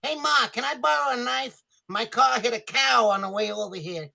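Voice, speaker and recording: A man's voice: extremely high pitch, normal speed, vocal fry, bright, forceful tone, pitched above the performer's own voice, full character voice. A man doing an impression of a hot-headed tough-guy movie gangster who makes brash, menacing threats. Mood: threatening.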